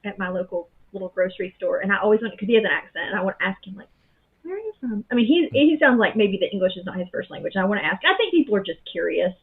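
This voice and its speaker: A woman's voice: mid-range voice, expressive, rapid-fire, few pauses, breathy edge. A woman from the Southern United States with a Southern accent, chatting casually as a podcast guest. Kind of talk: casual interview chat. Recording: phone-like call audio.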